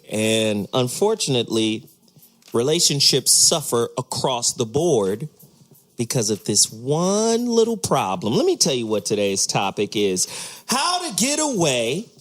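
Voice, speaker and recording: A man hosting a casual talk radio show, emphatic and playful, with frequent swearing. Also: mid-range voice.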